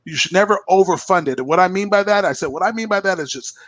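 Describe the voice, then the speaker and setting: High-voiced man telling a lively story. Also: fast, no room sound. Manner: animated, acts out quoted voices. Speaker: company president. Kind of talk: casual talk-show storytelling.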